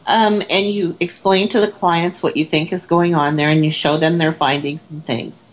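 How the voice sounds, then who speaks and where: A woman's voice: low voice, steady tone, normal speed, lo-fi sound. A woman in casual conversation, a paranormal investigator who tells stories in a chatty way and acts out the people she quotes.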